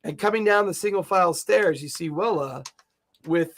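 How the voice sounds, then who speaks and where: A man's voice: sits high, moderate pace, fairly bright tone. A man narrating a tabletop game as game master, describing scenes vividly and laughing often.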